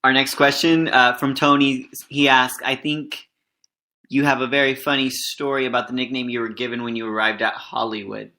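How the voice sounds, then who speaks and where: A man hosting a podcast, reading out fan questions in a relaxed way with small fillers. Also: mid-range voice, normal speed. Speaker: podcast host.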